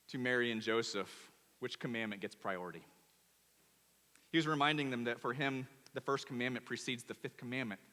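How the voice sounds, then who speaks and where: A male pastor preaching a sermon in a church, animated and emphatic, often repeating words. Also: mid-range voice. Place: church auditorium. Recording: long church hall reverb.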